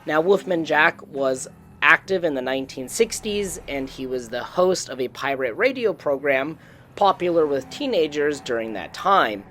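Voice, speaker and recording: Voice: mid-range voice, lively intonation, normal speed, fairly bright tone, a little hiss or hum. A YouTube host narrating a gameplay tour voice-over in an informative, chatty way.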